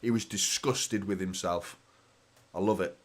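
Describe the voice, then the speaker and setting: A man, hoarse from a sore throat, hosting a fan watchalong with live match commentary and chatty, sweary, teasing banter. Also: low voice, steady tone, a little slow.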